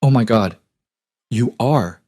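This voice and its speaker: A man's voice: mid-range voice, animated, slow, a little mellow. A man voicing a protective young woman, upset with her best friend, pleading and accusing in a lifted voice.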